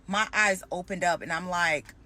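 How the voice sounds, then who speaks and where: A young adult woman telling a storytime about her dating life, animated and acting out both sides of the conversation. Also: lowish voice, moderate pace. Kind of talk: storytime vlog.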